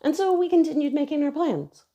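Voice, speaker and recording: A woman's voice: sits high, a little fast. A woman in her thirties earnestly telling a personal story on her own channel. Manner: earnest, emotional retelling, quoting others softly.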